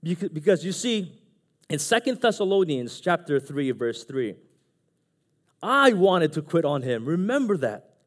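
A man's voice: sing-song, unhurried. Earnest man giving a church testimony. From Jersey City / New York City area. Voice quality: earnest, with dramatic pitch and volume swings. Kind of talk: personal testimony from the pulpit. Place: church sanctuary.

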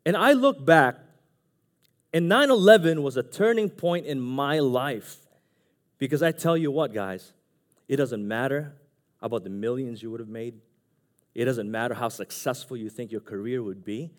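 A man, speaking from the front of a church. His voice sits at an ordinary middle pitch but keeps swinging from a quiet hush up to loud, raised peaks. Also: lively intonation, moderate pace. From Jersey City / New York City area. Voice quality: earnest, with dramatic pitch and volume swings. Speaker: church member giving testimony. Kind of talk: personal testimony from the pulpit. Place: church sanctuary.

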